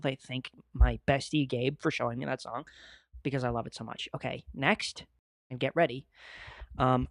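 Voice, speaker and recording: A young man hosting his own podcast, talking in a casual, excitable and profane way and gushing about favorite songs. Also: mid-range voice, no room sound, studio quality. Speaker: podcast host. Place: home studio at a desk.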